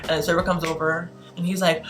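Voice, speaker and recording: A woman in her twenties vlogging, telling a story in an animated, exasperated, emphatic way. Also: on the low side, quick pace, music in the background. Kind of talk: casual storytelling vlog.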